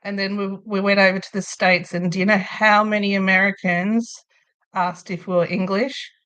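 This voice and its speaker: A woman's voice: medium pitch, steady tone, moderate pace, a bit bright, clear, resonant tone. An Australian woman hosting a crochet livestream from a room at home, chatting casually and rambling, with frequent laughs. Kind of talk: casual chat while crocheting.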